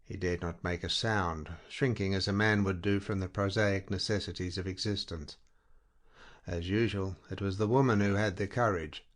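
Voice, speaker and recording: Low-voiced man reading a literary story. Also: steady tone, moderate pace. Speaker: narrator. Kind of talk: scripted literary narration.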